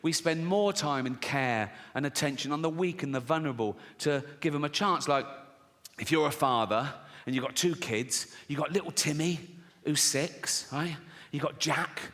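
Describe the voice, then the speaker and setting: Guy doing stand-up, swears a lot, slightly higher bright voice, big echoey hall. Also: moderate pace. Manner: profane, mocking, acts out characters' voices. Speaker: stand-up comedian. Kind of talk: stand-up comedy routine. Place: live theatre stage with audience. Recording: reverberant venue with faint ambience.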